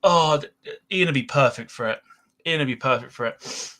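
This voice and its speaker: A man's voice: medium pitch, normal speed. A British man hosting a casual live aviation podcast, laughing often and chatting with guests. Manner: laughs a lot, giggly and animated. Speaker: podcast host. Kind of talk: casual live-stream chat.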